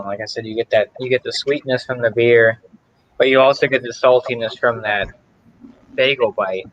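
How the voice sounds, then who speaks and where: A man's voice: medium pitch, no echo, lo-fi sound. A man tasting beer and describing it in a rambling, casual way as a guest on a video call.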